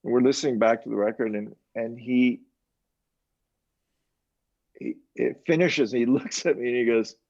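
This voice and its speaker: An older man, a mixing engineer, telling animated anecdotes in a casual interview and chuckling as he quotes others. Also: medium pitch, moderate pace, gravelly, long pauses. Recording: dull lo-fi sound.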